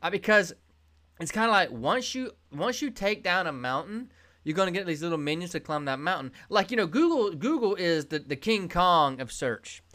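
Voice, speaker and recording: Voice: mid-range voice, very animated, normal speed, fairly bright tone. A podcast host giving a solo business monologue. The host jokes, rambles, and breaks into sudden whoops while talking straight to the listener in a salesy way.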